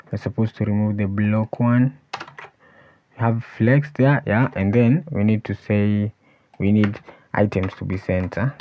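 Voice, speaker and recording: A man teaching a coding tutorial, thinking aloud as he types and often pausing to say "let's see". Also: lowish voice, slight background noise. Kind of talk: screen-recorded coding walkthrough. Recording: dull lo-fi voice recording. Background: keyboard typing and clicks.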